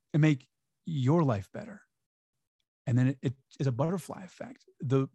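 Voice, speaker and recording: A man's voice: a little high, mellow, breathy edge, dry recording. A man talking as an interview guest, upbeat and emphatic, sometimes acting out quoted voices. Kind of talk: conversational interview.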